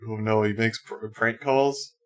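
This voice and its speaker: A man's voice: lowish voice, steady tone, measured pace. A man streaming live, reacting to a clip with laughing, incredulous asides.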